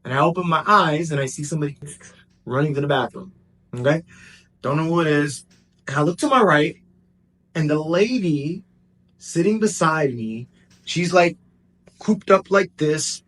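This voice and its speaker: Man telling a story animatedly. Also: fairly high pitch. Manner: animated, swings between excited bursts and hushed asides. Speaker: vlogger. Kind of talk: casual personal storytelling.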